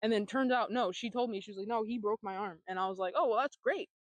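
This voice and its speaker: A woman's voice: mid-range voice, steady tone, fast talker, no echo, muffled recording. A young woman vlogging, telling her own life story in a candid, blunt way, with free swearing and sarcastic asides.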